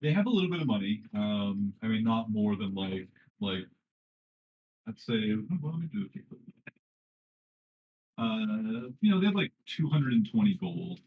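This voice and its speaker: Man, game master, low voice, hesitant and rambling, dull lo-fi sound. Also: very animated, moderate pace. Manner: rambling, hesitant, many fillers. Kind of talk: narrating a tabletop game. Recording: dull lo-fi audio.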